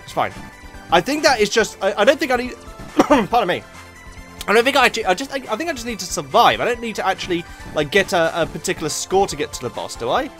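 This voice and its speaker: A man giving jokey let's play commentary as a gaming YouTuber, getting excitable and yelping at close calls. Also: sits high. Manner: excitable, jokey, yelps at near misses.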